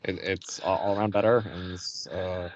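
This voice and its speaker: A man co-hosting a casual podcast chat, talking hesitantly with many pauses and restarts. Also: deep voice, flat delivery, a crowd in the background. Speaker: podcast co-host. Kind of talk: casual chat over a call.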